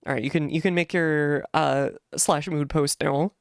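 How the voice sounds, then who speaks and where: A woman's voice: sits low, fairly even intonation, moderate pace, smooth, no room sound, clean studio sound. A young woman chatting casually while playing a game, rambling with lots of fillers. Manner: rambling, many fillers and restarts, giggly.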